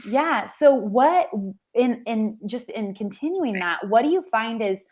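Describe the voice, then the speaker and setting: A woman's voice: a little high, animated, measured pace, a little mellow. A woman hosting an interview, talking earnestly with many "you know" fillers. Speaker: interview host. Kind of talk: conversational interview.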